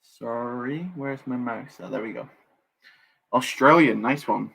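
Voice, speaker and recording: A young man streams himself building Lego live, chatting easily, reading chat aloud, responding to viewers, and making light self-deprecating jokes as he works. His voice is an everyday medium pitch, pushed and bright.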